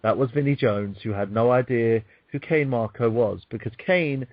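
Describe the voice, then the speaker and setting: A man's voice: mid-range voice, moderate pace, no room sound. A man, co-hosting a podcast, joking and swearing freely. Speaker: co-host. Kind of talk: casual podcast chat. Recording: muffled lo-fi audio.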